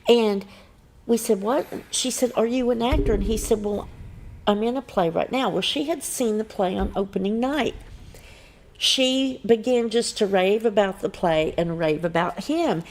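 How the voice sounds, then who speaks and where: Woman, middle-aged, morning show co-host, casual storytelling, animated quotes, faint background noise. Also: a little slow. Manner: animated storyteller, jumps up in pitch acting out quotes. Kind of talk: casual chat, telling a funny story.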